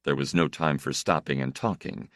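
A man narrating a story in a measured, expressive way. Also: rumbling low, no room sound, studio quality. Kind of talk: scripted narration.

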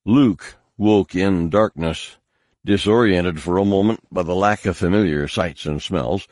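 Male audiobook narrator, deep and measured, dry booth sound. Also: dry recording. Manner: measured, even storytelling.

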